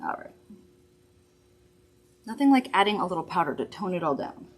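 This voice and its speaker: A woman's voice: fairly low pitch, sing-song, moderate pace, breathy edge. Chatty woman hosting a makeup demo. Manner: chatty, upbeat and reassuring. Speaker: makeup host. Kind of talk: live makeup demonstration. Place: studio.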